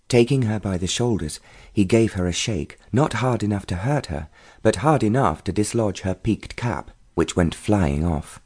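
A man's voice: on the low side, lively intonation, normal speed, darkish tone, breathy edge. Man narrating a romance novel. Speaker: audiobook narrator. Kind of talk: scripted narration.

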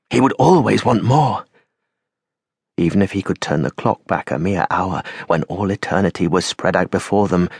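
A man reading an audiobook aloud, measured and dramatic, slowing and going quiet on the grave moments. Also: on the low side, husky, dry recording, studio quality. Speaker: audiobook narrator. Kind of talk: scripted audiobook narration.

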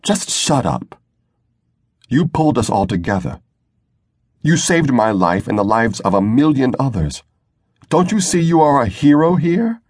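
Guy doing a fiery spacer woman, pushy and insistent, a bit husky, audiobook. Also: mid-range voice, big pitch swings, a little slow, pauses often, no room sound, studio quality, pitched above the performer's own voice. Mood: pleading. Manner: insistent, forceful. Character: angry demanding young woman, a spacer. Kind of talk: audiobook narration.

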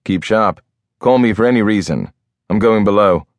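A male narrator voicing a rugged ship captain with quiet authority in an audiobook. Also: normal speed, no echo, natural voice. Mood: commanding. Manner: quiet authority, low and intimate. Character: rugged older sea captain, calm and commanding. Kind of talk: audiobook character voice.

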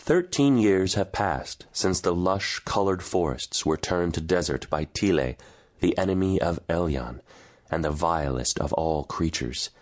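Male audiobook narrator, deep register, steady grave storytelling. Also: measured pace. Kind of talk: scripted narration.

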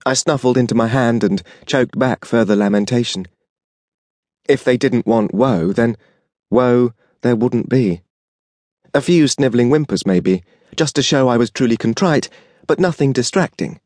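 A man narrating a first-person audiobook, with an expressive, wry, emotive reading. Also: mid-range voice, normal speed, no echo.

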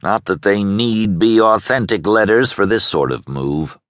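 A man voicing a stubborn, principled soldier in an audiobook, calm and firm. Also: lowish voice, unhurried, no echo, studio quality. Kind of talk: audiobook character voice.

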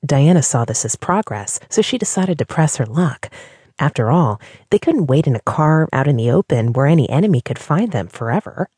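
A woman narrating an audiobook in an expressive storytelling manner. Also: low-pitched, normal speed, breathy edge, no echo, studio quality.

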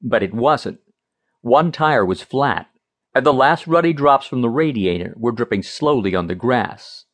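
A man reading an audiobook as narrator in an expressive, measured way. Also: medium pitch.

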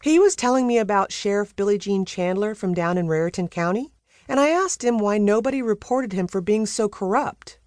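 A woman's voice: mid-range voice, brisk, darkish tone, dry recording, studio quality, voice pushed up, lightly acted. A woman voicing a blunt, outspoken woman reporter who presses her questions. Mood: insistent. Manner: blunt, insistent.

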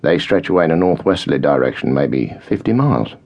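A man's voice: very deep voice, sing-song, a little fast, darkish tone, heavily acted. A man voicing a polite, eager young captain. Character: young, keen British army captain.

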